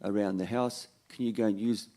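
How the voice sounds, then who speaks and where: A man voicing a patient, wise old grandfather in a story told during a sermon, in his own low voice. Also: fairly even intonation, a little fast, dark tone, close to an everyday voice.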